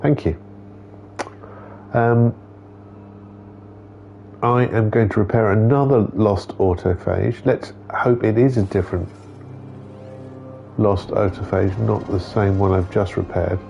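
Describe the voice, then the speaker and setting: Low, mellow-voiced man chatting through a game. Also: slow pace, gravelly, long pauses, lo-fi sound, faint music behind. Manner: chatty, talks to game characters and reads dialogue aloud. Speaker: game streamer. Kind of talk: casual gameplay commentary.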